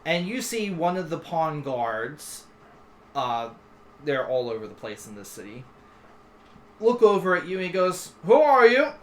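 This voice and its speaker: A man's voice: fairly high pitch, big pitch swings, measured pace, pauses often. A man narrating as game master in a tabletop game, in a casual, filler-laden way.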